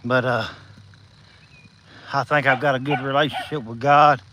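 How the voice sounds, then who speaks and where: Walking outdoors at night with insects behind him, a Southern-accented livestream host chats folksily with viewers, encouraging them by name. He's a little out of breath and slightly slurring without his top teeth. His mid-range voice is fairly even, at normal speed and sharp in tone, on poor audio with a little hiss or hum.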